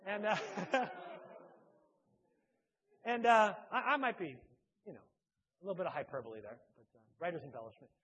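A man, a church speaker and author, telling a humorous personal anecdote in a halting, self-deprecating way. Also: high-pitched, big pitch swings, a bit bright, breathy edge, muffled recording.

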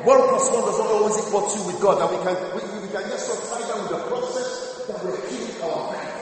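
A man's voice: sits high, fairly quick. A man preaching a sermon as a minister, chatting with asides to his congregation. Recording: echoey hall with long reverb.

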